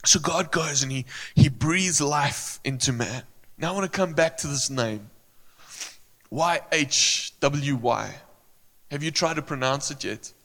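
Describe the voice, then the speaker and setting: A man preaching slowly and earnestly, his bright, forceful tone ringing out with lingering reverb from a church hall. He repeats phrases and pauses to search for words, and he sounds emotional. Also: fairly high pitch. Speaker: pastor. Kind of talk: sermon.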